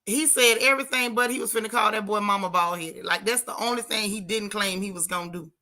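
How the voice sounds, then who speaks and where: Bright, sassy woman livestreaming from a car. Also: medium pitch, fast talker. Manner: animated, sassy, talks straight to viewers. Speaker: livestream host. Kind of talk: casual livestream commentary, reading chat. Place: in a car while driving.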